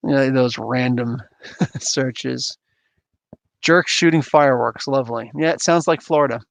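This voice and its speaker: A man's voice: mid-range voice, unhurried, vocal fry, dry recording. A man hosting a casual livestream, rambling and chuckling as he reacts to chat comments. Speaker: livestream host reading chat.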